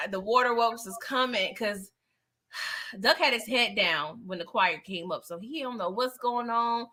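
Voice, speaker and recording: Hosting her channel's live movie review chat, this woman speaks at a normal speed in a fairly high pitch. She's an animated, emphatic storyteller who acts out the characters' dialogue as she recounts scenes, laughing frequently.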